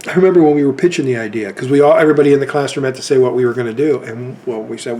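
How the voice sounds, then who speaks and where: A man's voice: medium pitch, rapid-fire, few pauses, dark tone, slight background noise. A man in his fifties telling rambling anecdotes in a casual chat about his film collection.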